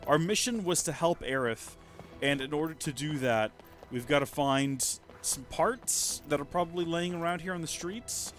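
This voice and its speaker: A man's voice: fairly high pitch, moderate pace, fairly bright tone, soft background music. A man in his thirties chatting casually as a streamer, rambling and poking fun at himself. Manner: chatty, rambling, self-mocking. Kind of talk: casual let's-play commentary.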